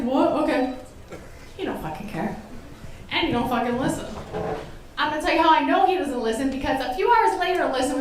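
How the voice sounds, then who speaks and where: A woman's voice: very high-pitched, a little hiss or hum. A woman in her thirties telling a profane stand-up story in a drawling manner on a club stage. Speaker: open-mic comedian. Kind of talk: stand-up set. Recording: very echoey, distant from mic.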